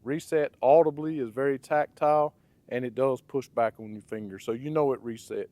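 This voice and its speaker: Man, raspy, hoarse, casual hands-on review, chatty, keeps checking in with "okay?", mid-pitched voice. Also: steady tone, normal speed, warm tone, no echo. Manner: conversational, ends points with "okay?" and "right?". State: hoarse from blocked sinuses. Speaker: firearms reviewer.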